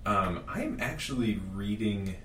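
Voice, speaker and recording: A man's voice: lowish voice, animated, a little slow, fairly bright tone, recorded from a distance. A man speaking as a guest author in a casual chat, hesitant with many fillers. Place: separate room. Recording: roomy, off-mic with faint hum.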